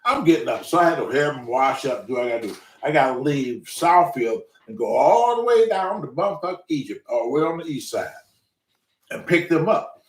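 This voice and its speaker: Profane, animated man ranting in a roomy space. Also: mid-range voice, moderate pace, recorded from a distance. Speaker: show host. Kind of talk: casual storytelling monologue. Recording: roomy, away from the mic.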